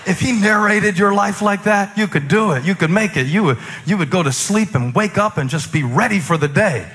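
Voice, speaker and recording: A male pastor in his forties preaching a sermon, moving between loud preaching and quiet, low asides, confessional and self-mocking. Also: big-room sound. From United States. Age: 40s.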